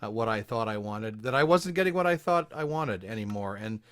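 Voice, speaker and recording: A man's voice: lowish voice, expressive, a little fast, fairly bright tone, no room sound, studio quality. A man co-hosting a podcast in casual chat, wry and self-deprecating as he talks. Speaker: podcast co-host.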